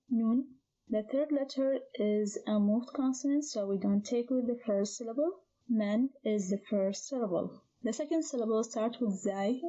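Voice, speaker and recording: A woman with a slightly high, warm voice teaches Arabic in a slow lesson captured with dull lo-fi sound. She's patient, spelling out sounds and repeating words.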